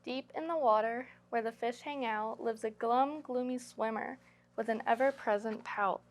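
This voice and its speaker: High-voiced woman reading a picture book. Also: normal speed, background noise. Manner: sing-song rhyming delivery. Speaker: storytime reader. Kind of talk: children's picture book read-aloud.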